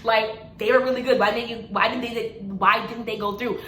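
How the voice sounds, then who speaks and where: A young woman in her twenties casually telling a personal story to camera, animated and laughing often as she acts out what people said. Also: a little high, moderate pace. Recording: echoey room with faint noise.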